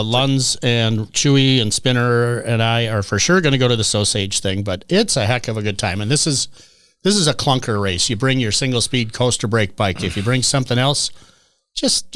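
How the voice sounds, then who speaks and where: A man's voice: mid-range voice, normal speed, fairly bright tone, no room sound. A man hosting a cycling podcast, chatting casually and rambling, with playful sound effects. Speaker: podcast host. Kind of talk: casual chat.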